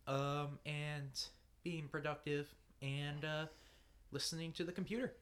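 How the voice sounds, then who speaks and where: A man playing in a tabletop role-playing game on a podcast, talking in a rambling, animated way and laughing often. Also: a little high, unhurried. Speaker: podcast guest player. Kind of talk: casual tabletop role-play chat.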